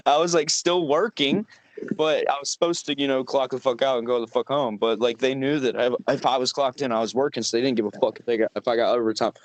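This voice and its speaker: A man's voice: medium pitch, brisk, no room sound. A young man co-hosting a podcast, telling a rambling, profane work story with lots of laughing. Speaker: podcast co-host. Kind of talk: casual storytelling chat.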